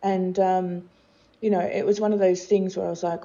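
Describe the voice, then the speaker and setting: A woman's voice: fairly low pitch, little pitch movement, normal speed, warm tone, dull audio. A middle-aged woman, telling her life story candidly as an interview guest, with many fillers and restarts.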